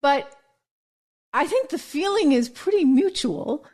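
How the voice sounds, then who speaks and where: A woman hosting a political commentary show, telling stories in a chatty, animated way. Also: high voice, a little slow. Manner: chatty, animated storytelling with laughs. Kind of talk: casual news commentary.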